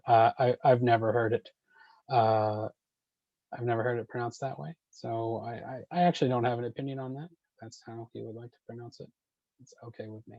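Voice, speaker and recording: A man leading an online poetry workshop, answering questions in a measured way with frequent ums and uhs. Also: mid-range voice, fairly even intonation, warm tone, no room sound, highs cut off.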